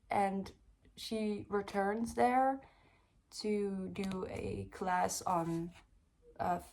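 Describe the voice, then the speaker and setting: A woman's voice: mid-range voice, darkish tone. A young woman from the Netherlands, chatting casually through a book review with lots of fillers. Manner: chatty, rambling, lots of ums and likes.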